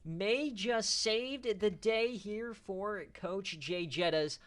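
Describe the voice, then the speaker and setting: A man giving loose, excitable live-stream commentary on simulated football games, cheering, trash-talking and dropping casual slang. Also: sits high, slow pace. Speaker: online dynasty league streamer.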